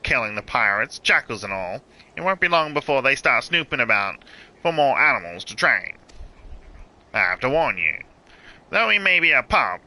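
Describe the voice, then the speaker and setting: A man voicing a cocky female smuggler in a put-on gangster accent, louder than his usual voice. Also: medium pitch. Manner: put-on gangster accent, drops g's and says 'me' for 'my'. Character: cocky female jackal smuggler, wheedling crook.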